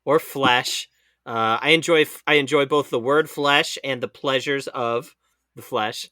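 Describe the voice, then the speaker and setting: Bright-voiced man cracking jokes. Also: mid-range voice, fairly even intonation, dry recording, studio quality. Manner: joking, quick wisecracks. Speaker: podcast co-host. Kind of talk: casual podcast chat.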